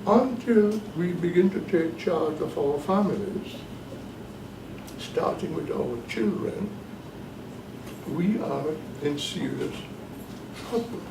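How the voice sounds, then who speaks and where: A man giving a classroom lecture as the professor leading a course, talking deliberately and emphatically and repeating his key points. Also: on the high side, expressive, gravelly, background noise. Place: bookstore cafe classroom. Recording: echoey room, mic at a distance.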